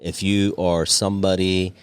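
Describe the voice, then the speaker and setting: Very deep-voiced man telling a story. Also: measured pace, clean tone. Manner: animated, profane storyteller acting out voices. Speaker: podcast guest, cigar company owner. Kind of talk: casual storytelling chat.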